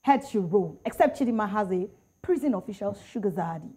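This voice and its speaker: Animated Nigerian woman hosting. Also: medium pitch, fairly quick, husky. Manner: animated, teasing, reads out tweets. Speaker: talk show host. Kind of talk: lively panel chat, reading quotes.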